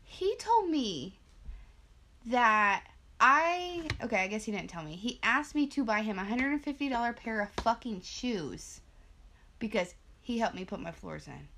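Animated, foul-mouthed young woman storyteller. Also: on the high side, a little slow, slight background noise. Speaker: podcast co-host. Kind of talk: casual chat.

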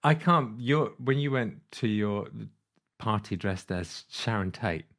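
A man's voice: on the low side, animated, takes it slowly, fairly bright tone. A man chatting casually as co-host, telling stories animatedly and tripping over repeated words. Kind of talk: casual chat.

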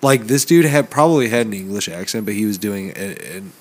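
Swearing, excitable young man chatting. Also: lowish voice, fairly quick. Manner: excitable, swears a lot, laughing. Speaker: podcast co-host. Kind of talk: casual chat.

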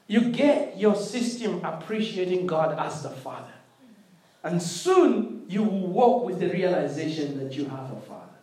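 Middle-aged preacher, sermon, emphatic then hushed, repeats words, echoey church hall. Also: medium pitch, moderate pace. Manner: animated, swings from loud emphatic to quiet intimate; repeats words, asks the congregation for response. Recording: roomy echo.

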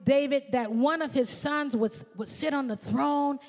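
A woman pastor preaching a sermon, swinging from shouts to hushed asides. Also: high voice, unhurried, long reverb tail.

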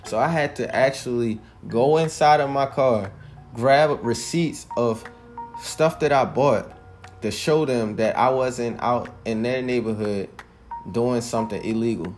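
A man's voice: medium pitch, unhurried, darkish tone, faint music behind. A 21-year-old man podcasting alone, telling a story in an emphatic, heated way with plenty of swearing. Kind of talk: casual monologue.

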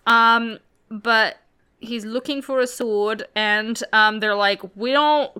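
Bright, clear-voiced woman recapping a film. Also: a little high, takes it slowly. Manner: rambling, animated plot recap with swearing. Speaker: podcast co-host. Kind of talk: casual movie recap chat.

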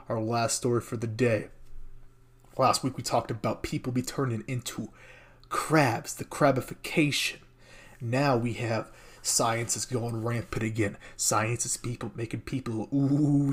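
A man in his own voice at a middle pitch, riffing on odd stories in a loose comedic commentary. He reads posts aloud, then rambles through sarcastic asides, often breaking into laughter. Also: steady tone, a little slow, slightly rough. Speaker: podcast host reading news.

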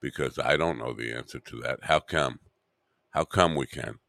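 Deep-voiced man rambling to himself. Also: moderate pace, a bit bright, no room sound. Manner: rambling, mutters to himself, wry asides. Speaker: podcast host. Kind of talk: rambling solo podcast.

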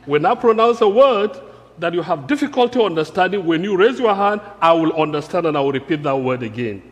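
Earnest preacher from Africa, high voice, sermon in a reverberant church. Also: male voice. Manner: earnest, emphatic, repeating key phrases.

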